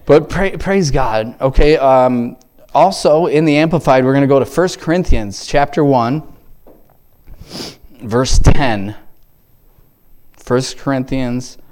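Speaking slowly with long pauses, this man has a medium-pitched, somewhat dark voice. He's a lay church member offering an informal devotional to a church group, wandering off track, stopping partway through sentences, and repeatedly exclaiming praise.

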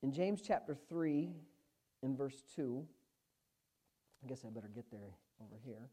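A woman preaching a sermon, emphatic, swinging from hushed asides to loud, fervent exclamations. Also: a bass voice, expressive, a little slow, husky.

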